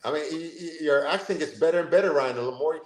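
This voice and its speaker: Jamaican man, coach, animated storyteller, fairly high voice, roomy echo. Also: fast. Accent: Jamaican, switching to American. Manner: animated, code-switching, storytelling. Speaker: football coach and co-host. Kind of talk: casual livestream chat.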